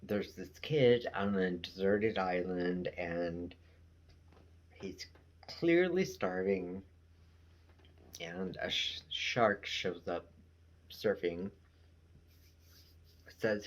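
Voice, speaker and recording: A man's voice: low-pitched, expressive, very slow, long pauses. A man giving a casual episode recap, rambling along with many fillers and trailing asides. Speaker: show reviewer.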